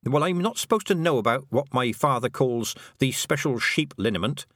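A man reading an audiobook, voicing a determined, sharp-tongued young farm girl in a raised, urgent voice. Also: medium pitch, expressive, moderate pace, no room sound, clean studio sound, pitched above the performer's own voice, natural voice. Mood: matter-of-fact.

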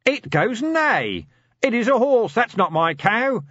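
A man voicing a delirious, battered male watchman who wails his lines in a husky, childlike sing-song, slightly muffled. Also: extremely high pitch, very animated, slow, fairly bright tone, no echo, voice pushed up, exaggerated voice. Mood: demanding. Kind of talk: audiobook character voice.

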